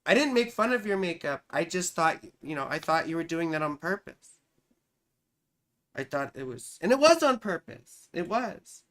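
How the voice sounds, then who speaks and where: A woman's voice: on the low side, sing-song, normal speed, fairly bright tone. A woman astrologer giving a casual live-stream reading, chatty and profane, who keeps answering her chat.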